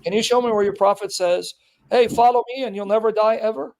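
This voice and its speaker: A man with a notably high-pitched voice argues his point with relentless insistence. He reads scripture verses aloud with heavy emphasis, then turns them back on the other person as pointed challenges. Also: steady tone, brisk, gravelly, a little mellow. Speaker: Christian apologist debating a Muslim. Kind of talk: street debate, reading scripture aloud.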